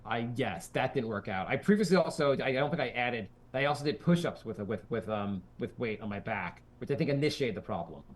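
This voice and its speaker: A man co-hosting a comedy podcast in casual chat, often stammering and self-deprecating, breaking into loud mock rants. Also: mid-range voice, expressive, fairly quick, few pauses. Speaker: podcast co-host.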